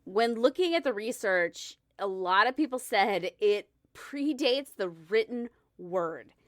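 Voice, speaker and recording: A woman's voice: mid-range voice, expressive, slow pace, fairly bright tone, no echo, studio quality. A woman co-hosting a podcast, talking casually and explaining a topic. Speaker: podcast co-host.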